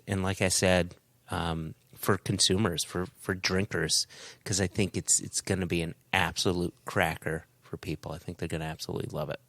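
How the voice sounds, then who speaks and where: A man's voice: low-pitched, creaky, a bit bright, dry recording. A man co-hosting a podcast in casual chat, emphatic and enthusiastic, talking in punchy short phrases. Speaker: podcast co-host.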